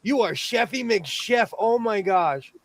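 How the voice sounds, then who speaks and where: A man's voice: high-pitched, expressive, slow pace, a bit bright, no echo, low-quality recording. A man hosting a casual chat, talking in an easygoing way with lots of restarts and self-corrections. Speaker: host.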